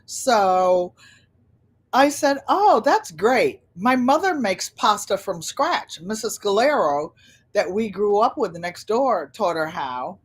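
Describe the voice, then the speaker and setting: An older woman hosting a casual livestream, chatting and telling stories with animated quoted voices. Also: mid-range voice, takes it slowly, breathy edge. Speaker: channel host.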